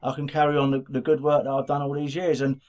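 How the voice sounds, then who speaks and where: A middle-aged man from England's Black Country co-hosts a podcast in casual chat, rambling and often restarting his sentences in a Black Country accent. His mid-range voice is fast, flat, and darkish in tone.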